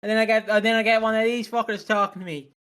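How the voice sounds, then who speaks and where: Young guy on a podcast, pretty high voice, jokey and swears a lot. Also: flat delivery, quick pace, a bit bright, clean tone. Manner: joking, teasing, sweary. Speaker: podcast co-host. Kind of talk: casual podcast chat.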